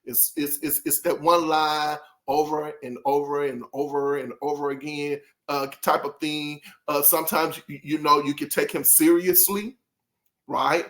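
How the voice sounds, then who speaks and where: This man reviews an album casually, his voice a little high and fairly bright, with little pitch movement and a slightly slow pace. He rambles, cuts himself off, and often laughs and apologizes while addressing his viewers directly.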